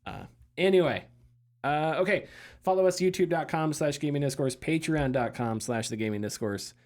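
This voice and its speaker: A man hosting a gaming podcast in casual chat, relaxed, laughing easily and trailing off mid-thought. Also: fairly high pitch, moderate pace. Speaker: podcast host.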